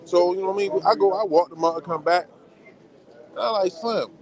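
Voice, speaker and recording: A man chiming into a casual livestream as a guest. His voice sits high and he talks at a rapid clip, animated and full of repeated filler questions.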